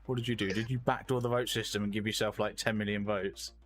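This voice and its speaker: A man's voice: on the low side, fairly even intonation, fast talker, faint music behind. A young man hosting a casual game-development stream, chatty and teasing, often breaking into laughter. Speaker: streamer host.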